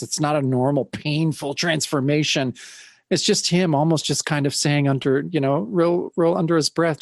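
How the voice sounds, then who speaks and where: A man's voice: mid-range voice, no room sound. Male co-host, easygoing comics chat with fillers, dry close mic. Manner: relaxed, hesitant with fillers. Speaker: podcast co-host. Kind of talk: casual comic book discussion.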